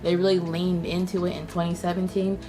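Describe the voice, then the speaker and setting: Young woman host, sassy and salty, low-ish voice, faint music under. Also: a little fast. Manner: sassy, profane, animated storytelling. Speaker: YouTube host. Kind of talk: casual chat.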